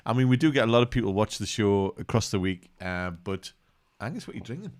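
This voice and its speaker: A man's voice: on the low side, animated, fast talker. A middle-aged man co-hosting a casual live chat show, ribbing his partner with a wry tone. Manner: wry, ribbing, laughs a lot. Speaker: co-host.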